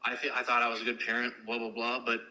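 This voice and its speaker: A man's voice: mid-range voice, completely flat delivery, fast, pushed and bright, rough recording. Earnest man rambling with fillers. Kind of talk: casual podcast discussion.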